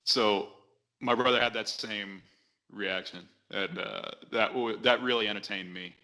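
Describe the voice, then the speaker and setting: A man talking as a podcast guest in casual chat, relaxed and rambling with frequent restarts. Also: on the low side, measured pace.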